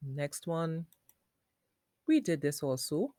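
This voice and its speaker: A woman teacher giving a phonics lesson for young children, sounding out words slowly in parts. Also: low voice, big pitch swings, warm tone, no room sound, studio quality.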